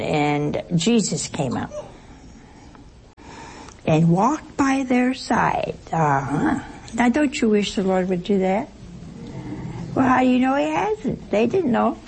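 Slow, gravelly woman teaching scripture. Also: on the low side, slight background noise. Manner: conversational, asks the audience rhetorical questions; expressive, playful asides. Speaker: Bible study teacher. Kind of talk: lively Bible teaching to a group.

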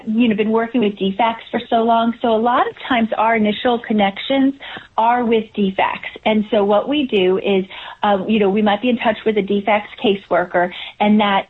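A woman's voice: mid-range voice, breathy edge. A woman guest talking earnestly about her camp work, with many fillers and restarts, heard over a video call. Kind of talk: casual interview talk. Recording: tinny phone-like call line.

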